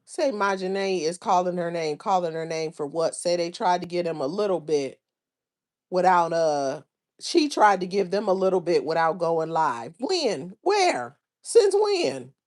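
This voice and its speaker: A woman's voice: fairly low pitch, normal speed, a little mellow. A woman hosting a livestream, chatting casually about online drama and reading viewers' comments aloud in a drawling, gossipy way. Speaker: livestream host.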